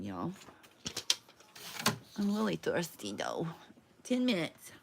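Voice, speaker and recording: Crafting on a stream from her home loft, a chatty woman talks casually to viewers and to herself while she works. Her low voice swings widely in pitch, with vocal fry, a measured pace, and long pauses, all over very noisy audio.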